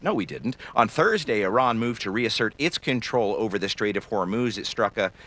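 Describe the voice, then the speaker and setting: A man moderates a political news panel in a crisp, scripted broadcast manner. His voice sits low and deep, with a bright, forceful edge. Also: normal speed. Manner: crisp, scripted delivery that hands questions to panelists. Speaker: news show host.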